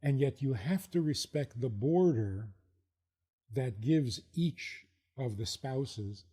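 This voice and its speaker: A man, a rabbi, giving an unhurried storytelling lecture, stretching key words for emphasis. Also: medium pitch, expressive, warm tone, breathy edge.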